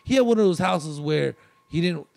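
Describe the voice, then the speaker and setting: Gravelly-voiced man telling a rambling story. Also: on the high side, lively intonation, normal speed, a little mellow. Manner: rambling, many restarts. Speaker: podcast guest, comedian. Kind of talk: casual storytelling.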